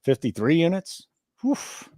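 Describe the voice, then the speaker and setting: A man's voice: a little high, very animated, unhurried, dark tone, no room sound, studio quality. A man hosting a sports betting show, joking and mock-indignant in casual banter.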